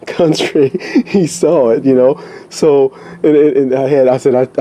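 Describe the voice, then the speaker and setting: A man with a Texan accent walks through his sunny garden with a handheld camera, talking eagerly and tripping over his words. His voice is mellow and relaxed, with faint background noise outdoors. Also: medium pitch, moderate pace. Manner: excited, repeats himself, stumbles over words. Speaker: home gardener showing his plants. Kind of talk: casual walk-through vlog.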